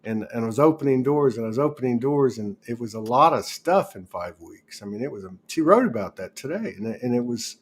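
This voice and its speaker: A man's voice: medium pitch, lively intonation, a little fast, few pauses, breathy edge. A man hosting a casual spiritual talk show, rambling and restarting as he tells stories and laughs along. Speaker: host.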